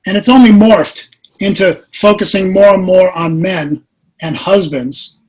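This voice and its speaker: A man in his sixties, a podcast guest, earnestly telling a personal story with animated delivery. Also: high-pitched, unhurried, breathy edge, low-quality recording. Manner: earnest, animated storyteller who acts out quotes.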